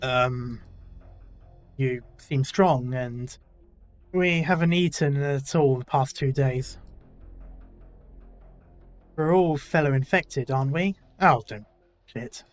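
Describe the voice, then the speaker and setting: A man's voice: medium pitch, slow pace, long pauses. Man reading game dialogue over music. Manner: casual, self-deprecating asides. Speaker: gaming YouTuber. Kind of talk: reading a game's story dialogue aloud.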